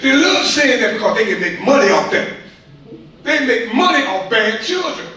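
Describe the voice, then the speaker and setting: This community speaker, a man with a high, fairly bright voice, delivers a fervent, sermonizing comment to the school board, circling back to the same points in casual speech. He's captured from far off in a reverberant hall, with slight background noise.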